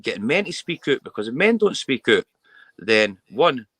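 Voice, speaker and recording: A man's voice: medium pitch, very animated, normal speed, a bit bright, no room sound. A Scottish man speaking candidly as a guest about men's mental health, earnest and often repeating words as he restarts. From Scotland. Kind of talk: candid interview talk.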